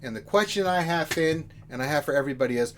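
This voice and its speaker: A rowdy man hosts a game livestream, joking and talking straight to the people in chat. His voice sits a little high for a man. The talk is loose and casual. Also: expressive, fast, a little hiss or hum. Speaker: livestream co-host.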